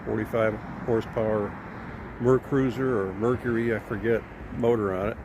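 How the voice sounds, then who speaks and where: A man's voice: fairly low pitch, fairly even intonation, moderate pace. Folksy man rambling outdoors. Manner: rambling, folksy, with frequent fillers. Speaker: widower vlogger. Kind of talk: casual storytelling to camera. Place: outdoors at a boat launch by a creek. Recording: outdoor noise with traffic behind.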